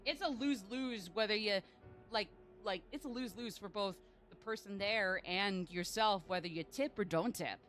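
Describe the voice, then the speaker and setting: A woman's voice: medium pitch, normal speed, a bit bright, soft background music. A woman streaming a game, chatting in a rambling, jokey way full of fillers. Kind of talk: livestream gaming commentary.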